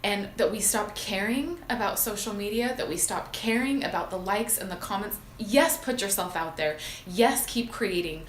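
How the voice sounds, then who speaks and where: A woman's voice: mid-range voice, normal speed, hardly any pauses, roomy sound, a little hiss or hum, rough recording. A woman hosting her own show, giving an earnest, heartfelt motivational talk with frequent fillers. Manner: earnest, emotional, many fillers. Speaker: podcast host.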